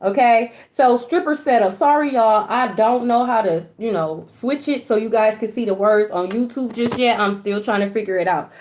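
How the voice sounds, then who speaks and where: A woman does a spiritual reading on a livestream at home, chatting colloquially with viewers, cursing casually and frequently asking "okay?". Her voice is on the high side with a darkish tone.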